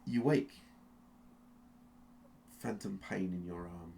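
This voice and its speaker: Game master, male, deep and gravelly, slow suspenseful narration with restarts. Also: dark tone, slight background noise. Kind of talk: dramatic second-person narration of a tabletop game.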